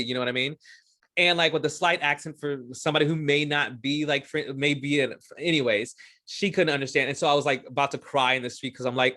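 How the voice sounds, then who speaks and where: A man from Houston, Texas chats as an interview guest, his voice bright and forward. He tells stories loosely, full of fillers and quick restarts. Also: medium pitch, steady tone. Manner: chatty storyteller, many fillers and restarts. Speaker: guest, stage performer. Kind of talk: casual interview chat.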